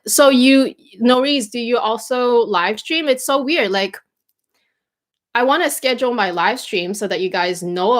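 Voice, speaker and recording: A woman's voice: mid-range voice, a bit bright. A young woman chatting casually on a livestream from home, rambling with lots of fillers and restarts. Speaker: livestream host. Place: home bedroom.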